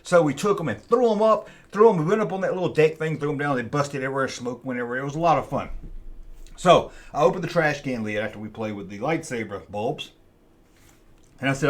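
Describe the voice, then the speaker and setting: Guy rambling thru an old story, kinda high voice, folksy. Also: fairly quick. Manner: rambling, folksy, repeats himself. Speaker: channel host. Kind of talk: casual storytelling.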